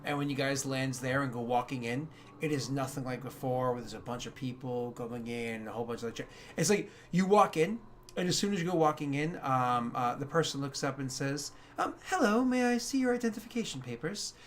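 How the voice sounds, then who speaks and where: Man, game master, rambling narration, many fillers, mid pitch, faint background noise. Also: fairly quick, a bit bright.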